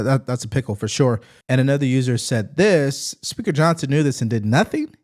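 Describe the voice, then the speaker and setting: Guy doing political commentary, blunt, mid-pitched voice, reads comments out. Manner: blunt, reacts to clips and reads viewer comments. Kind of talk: opinionated news commentary.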